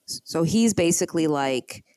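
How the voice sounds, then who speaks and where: Young woman telling a show's plot all animated, lowish mellow voice, dry sound. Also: measured pace, no echo. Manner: animated storyteller acting out characters' lines. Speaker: podcast co-host recapping a TV drama. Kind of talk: casual chat.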